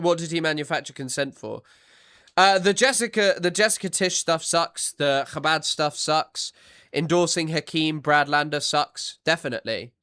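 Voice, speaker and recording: Blunt, excitable male streamer, slightly high. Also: smooth. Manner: blunt, excitable, stops clips to argue; filler-heavy, repeats himself. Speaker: streamer reacting to clips. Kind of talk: casual live-stream commentary.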